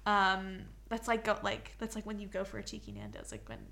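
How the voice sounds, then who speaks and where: Young woman chatting, bright voice that bounces up and down, playful. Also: medium pitch, big pitch swings, brisk, gravelly. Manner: curious, playful, asks for context. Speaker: friend being quizzed. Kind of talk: casual chat.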